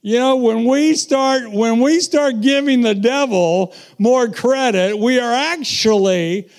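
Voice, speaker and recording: A middle-aged man preaching a sermon, telling stories and swinging from quiet asides to loud, emphatic bursts. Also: extremely high pitch, slow pace, few pauses.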